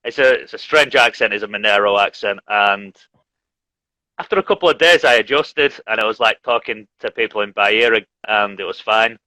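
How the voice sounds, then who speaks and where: A man chats easily on a live stream. His voice sounds bright and forceful, and the sound is close and dry, as on a video call. He explains things in a relaxed, teacherly way. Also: on the low side, a little fast, no room sound, rough recording. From Leeds, England. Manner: relaxed, chatty, laughs often. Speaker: English teacher, host. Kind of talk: casual live-stream chat.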